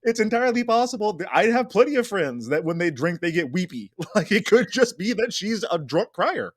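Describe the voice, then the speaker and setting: A man's voice: high-pitched, sing-song, brisk, dry recording, studio quality. A young adult man, a podcast co-host chatting casually about a reality show, laughing often and acting out other people's voices.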